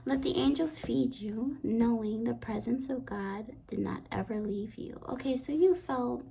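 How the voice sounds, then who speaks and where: A woman with a slightly high, breathy voice and a gravelly fry gives an intuitive card reading. She talks in a soft, meandering way, often sinking into a half-whisper. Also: measured pace. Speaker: tarot card reader.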